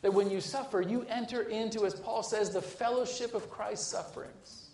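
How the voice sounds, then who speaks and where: A man's voice: high-pitched, steady tone, normal speed. Earnest preaching man in a roomy hall. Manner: earnest preaching, swings between urgent and hushed; repeats words when restarting phrases. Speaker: pastor. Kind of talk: sermon.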